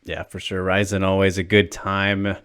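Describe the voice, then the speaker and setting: A man interviewing a fighter, easygoing, with short agreeing replies and relaxed questions. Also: low-pitched, normal speed, no room sound, studio quality. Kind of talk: casual interview chat.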